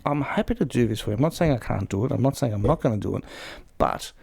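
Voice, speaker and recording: Man, gravelly voice, dark tone, casual chat, acts out calls. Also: medium pitch, expressive, fast talker, no echo. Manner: storytelling, acts out phone calls with put-on voices. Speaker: podcast co-host.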